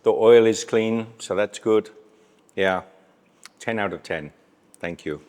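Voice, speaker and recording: A man's voice: lowish voice, slow pace, darkish tone. A man hosting a casual travel food vlog outdoors at a street stall, chatty and cheerful, laughing often and talking while he eats. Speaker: travel vlogger.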